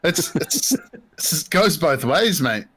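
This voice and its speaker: A man's voice: fairly high pitch, sing-song, takes it slowly, fairly bright tone, a little hiss or hum. A man from New Zealand with a New Zealand accent, chatting casually and laughing as a guest on a racing stream. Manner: laid-back, laughing, says "eh" and "bro". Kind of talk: casual chat over a video call.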